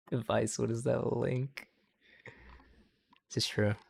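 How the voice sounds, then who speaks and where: Husky and medium-pitched with vocal fry, a young livestream host delivers casual, profane commentary on clips. He wanders from point to point, keeps adding "okay?" to the end of lines, and cracks himself up.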